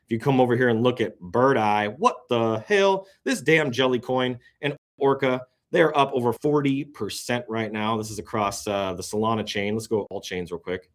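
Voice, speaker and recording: A man hosts a casual crypto show, talking through market charts on screen. He's excitable, swinging from low muttering to sudden loud exclamations, with the occasional yawn and drawn-out sigh.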